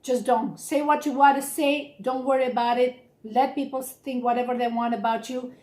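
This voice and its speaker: A woman's voice: high-pitched, steady tone, moderate pace, darkish tone. A woman giving a casual, blunt and encouraging tarot reading straight to the viewer. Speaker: tarot reader. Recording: echoey room.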